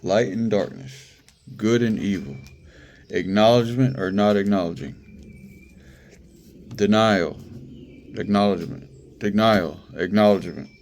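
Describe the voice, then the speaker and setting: A man's voice: lowish voice, measured pace, long pauses, a little mellow, a little hiss or hum. Man preaching in a casual, repetitive way. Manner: conversational, repeats phrases for emphasis, laughs. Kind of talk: casual sermon.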